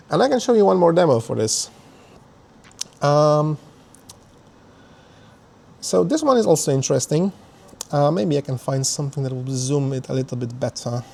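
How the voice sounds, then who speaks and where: A man's voice: a little high, gravelly, darkish tone. Man giving a technical meetup talk. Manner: explanatory, with frequent fillers and restarts. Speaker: conference speaker. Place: meetup venue.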